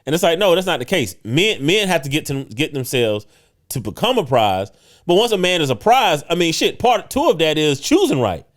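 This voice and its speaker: A man's voice: a little high, very animated, normal speed. A man co-hosting a podcast, talking emphatically and often checking in with "right?". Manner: emphatic, preachy, leans on "right?". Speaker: podcast co-host. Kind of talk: casual podcast talk.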